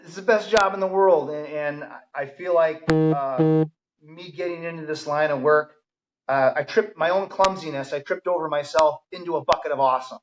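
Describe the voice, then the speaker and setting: A man's voice: fairly high pitch, moderate pace, a little hiss or hum. A man, a firefighter guest on a podcast, telling stories in a casual, enthusiastic way. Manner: enthusiastic storyteller, many ums and restarts. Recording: dull lo-fi audio.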